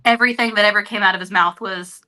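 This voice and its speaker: A woman's voice: mid-range voice, steady tone, fast, pushed and bright. A woman guest on a podcast, speaking earnestly and openly in candid conversation. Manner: earnest, openhearted storytelling. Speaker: interview guest.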